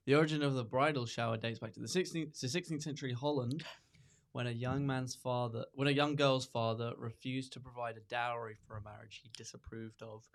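Fast-talking man with dry quips. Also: medium pitch, fairly even intonation. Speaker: podcast producer chiming in. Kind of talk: casual chat.

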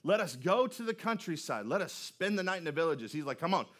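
A man preaching a sermon, his voice sitting noticeably high for a man. He keeps it loose and conversational, cracking jokes and often restarting his sentences with repeated words. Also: very animated, brisk, fairly bright tone. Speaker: pastor. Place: church auditorium.

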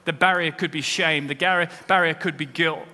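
A man's voice: on the high side, steady tone, normal speed, sharp tone. A man preaching a sermon as pastor, with rising emphasis as he quotes scripture. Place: church. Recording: long hall reverb.

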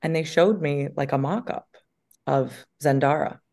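Woman, deep low voice, animated storyteller, casual interview guest. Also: a little slow. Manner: animated storytelling, acts out quotes in bursts.

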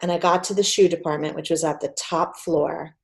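Casting note: woman, forties, animated storyteller guest, slightly low voice. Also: fairly quick. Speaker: podcast guest, PR agency founder. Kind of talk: casual storytelling interview.

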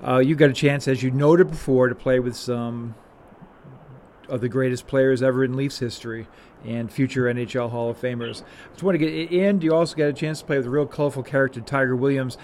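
A man hosting a podcast interview, asking long, wordy questions in a measured way with "uh" fillers. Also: medium pitch, fairly even intonation, a little mellow, a little hiss or hum. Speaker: podcast host.

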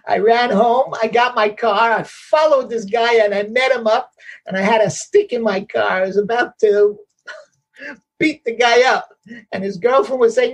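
A man's voice: high-pitched, moderate pace, rough recording. A man giving a share at a recovery meeting, blunt and emphatic, repeating his points and laughing at himself. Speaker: meeting member sharing.

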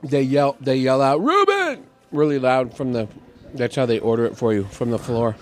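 A man's voice: mid-range voice, level tone, moderate pace, darkish tone. A man hosting a podcast in a bar, chatting casually and rambling with frequent laughs. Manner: rambling, self-deprecating, laughs often. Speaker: podcast host. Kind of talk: casual chat. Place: bar, indoors.

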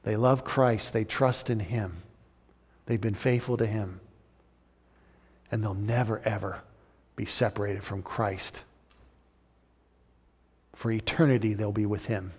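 A man preaching a sermon as pastor, swinging from loud urgent emphasis to soft, intimate appeals. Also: lowish voice, breathy edge, in a large hall.

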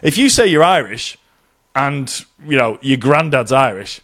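A man's voice: medium pitch, measured pace. A man from England, co-hosting a casual podcast chat, ranting tongue-in-cheek and quoting people in put-on voices. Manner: animated, swearing, tongue-in-cheek rants with put-on quotes. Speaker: podcast co-host living in Ireland.

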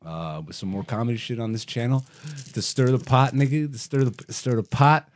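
A man's voice: mid-range voice, moderate pace. A young man who hosts a comedy podcast, chatting casually, joking and swearing a lot. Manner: profane, joking, laughs often.

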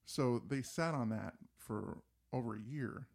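A man's voice: medium pitch, unhurried, vocal fry. A man co-hosting a casual music talk, telling stories animatedly and mimicking riffs and voices. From New Jersey. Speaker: podcast co-host. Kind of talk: casual chat about music.

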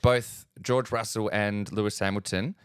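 A man's voice: on the low side, fairly even intonation, a little slow, smooth, no echo, clean studio sound. A man co-hosting a sports podcast, explaining racing tactics in casual chat and swearing for emphasis. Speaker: podcast co-host.

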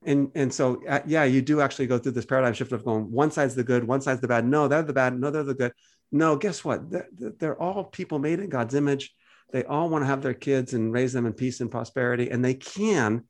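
A man with an everyday mid-range voice tells a story in relaxed conversation. He gets animated, throwing his voice up high to act out the people he quotes. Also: a little fast. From United States. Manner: animated storyteller, acts out quoted voices with big pitch jumps. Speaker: podcast co-host.

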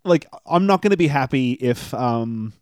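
A man's voice: medium pitch, expressive, normal speed, clean tone, dry recording. A man co-hosting a podcast in casual chat, rambling and swearing, often restarting sentences. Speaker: podcast co-host.

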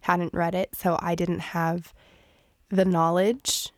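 A woman's voice: fairly low pitch, flat delivery, takes it slowly, no room sound. A nasally congested woman chats on a podcast mic in a bone-dry room. She is chatty and laughs easily, talking loosely about what she has been reading. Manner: chatty, laughs often, sings playful jingles. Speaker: podcast co-host. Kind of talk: casual podcast chat. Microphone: studio microphone.

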